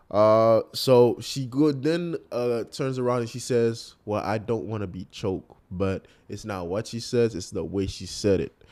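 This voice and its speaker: A young man hosting a casual commentary video, talking straight to his viewers with animated disbelief. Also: medium pitch. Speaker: commentary host.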